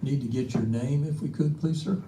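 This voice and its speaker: Brief Man, very dark mellow voice, procedural meeting chair, echoey hall. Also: mid-range voice, fairly quick. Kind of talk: calling speakers at a meeting. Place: city council chamber. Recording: echoey council chamber.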